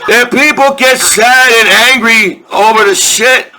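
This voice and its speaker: Very high-voiced man, slow and rambling. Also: sharp tone, slight background noise, poor audio. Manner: rambling, profane, laughs often between lines; repeats himself and restarts sentences. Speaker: army veteran. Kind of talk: casual rambling monologue.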